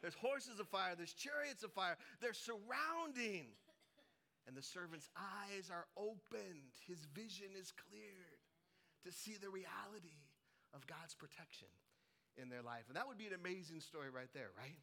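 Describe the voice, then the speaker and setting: Middle-aged pastor guy, colorado-raised, bright voice kinda high, jokey storyteller. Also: normal speed, vocal fry. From Colorado, United States. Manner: animated storytelling with humor and voices. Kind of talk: sermon.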